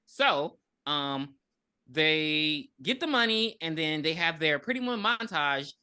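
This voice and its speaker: A woman's voice: low-pitched, lively intonation, slow, pushed and bright, clear, resonant tone. A woman in her thirties co-hosting a podcast, recapping a film plot with blunt, profane asides in casual chat. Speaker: podcast co-host. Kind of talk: casual movie review chat. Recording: audio podcast.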